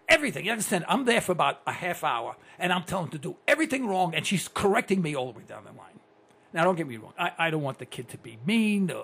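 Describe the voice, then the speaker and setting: Excitable older talk radio host, gravelly. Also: male voice, a little high, slight background noise. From United States. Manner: ranting, excitable, blunt.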